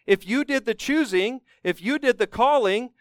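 High-voiced man preaching emphatically. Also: normal speed, clear, resonant tone, dry recording, studio quality. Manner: emphatic preaching, rising to fervent peaks then dropping low. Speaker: pastor. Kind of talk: sermon.

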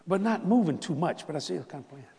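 A man preaching a sermon as a story, animated, swinging from soft asides to loud bursts. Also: on the high side, fast talker, creaky. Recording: long hall reverb.

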